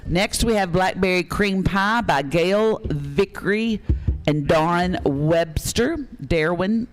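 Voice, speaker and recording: A man calls bids at a charity auction, excitable and joking as he urges bidders on. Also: high-pitched, takes it slowly, faint music behind. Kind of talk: live auction calling.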